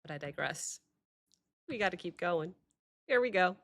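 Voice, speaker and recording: A woman hosting a music reaction video, talking reflectively in a halting way with many pauses and fillers. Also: on the low side, expressive, noisy background. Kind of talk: casual reaction commentary.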